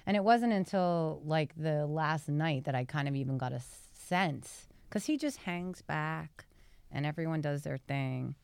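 Low, gravelly woman telling a story. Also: measured pace, no echo. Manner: chatty and animated, many "like" fillers. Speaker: guest, behavioral psychology scientist. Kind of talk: casual storytelling on a podcast.

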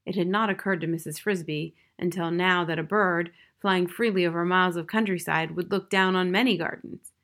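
A woman narrating a children's novel in a steady, plain storytelling manner. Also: on the low side, a little fast. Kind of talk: reading a children's novel aloud.

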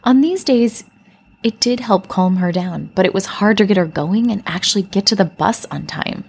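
A woman hosting a parenting podcast, telling a story and explaining in a calm, reflective scripted way. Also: medium pitch, normal speed, vocal fry, breathy edge. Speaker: podcast host.

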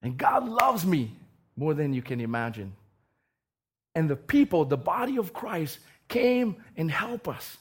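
A man delivers a sermon woven with personal stories. His voice sits a little high, and he swings between loud, emphatic bursts and quiet asides, often repeating words as he goes. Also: sing-song, a little slow, breathy edge. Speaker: preacher.

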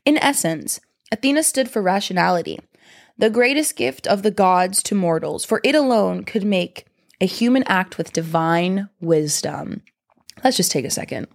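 A woman's voice: medium pitch, animated, normal speed, vocal fry. A young woman hosting a casual monologue, talking in a chatty, rambling way with lots of fillers. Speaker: podcast host.

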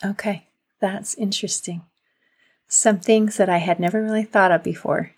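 A woman's voice: medium pitch, fairly even intonation, moderate pace, darkish tone, breathy edge. A woman hosting an interview, reflecting on and summing up her guest's points in casual chat. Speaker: podcast host.

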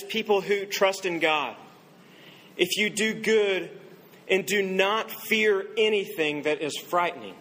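A man preaching a sermon, telling a story and quoting its people in a softer voice. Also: high voice, slight background noise, low-quality recording. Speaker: pastor.

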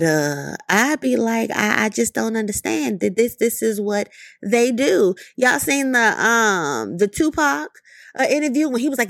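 A woman's voice: on the high side, animated, a little slow, vocal fry, no echo. Emphatic, profane woman ranting. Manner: emphatic, profane, rhetorical questions, repeated "you know what I mean". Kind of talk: impassioned commentary monologue.

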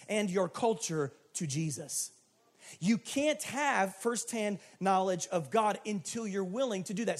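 High-voiced man preaching a conversational sermon. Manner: conversational, emphatic, rising to shouts. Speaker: pastor.

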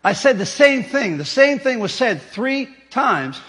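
A male pastor delivering a sermon, explaining scripture with animated, teaching emphasis and spoken demonstrations. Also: very high voice, measured pace, big-room sound. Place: church sanctuary.

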